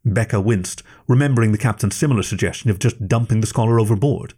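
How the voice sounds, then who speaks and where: A man reading a scripted story aloud in a steady, measured way. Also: fairly low pitch.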